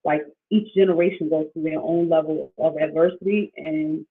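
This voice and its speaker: A woman hosting a casual livestream as a coach, talking in a rambling, animated way with many restarts and fillers, reading out viewer comments. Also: low-pitched, moderate pace. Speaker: financial wellness coach, livestream host. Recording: tinny phone-like sound.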